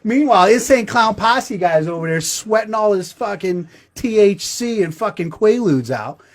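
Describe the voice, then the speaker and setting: A man's voice: high voice, expressive, moderate pace. A middle-aged man telling a crude, self-mocking comedic story as the show's host.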